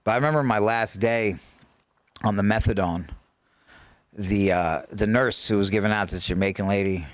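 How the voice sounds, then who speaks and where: A man's voice: fairly low pitch, normal speed, no room sound. A man telling his story as a podcast guest, talking casually and profanely, with many restarts and stammered repeats.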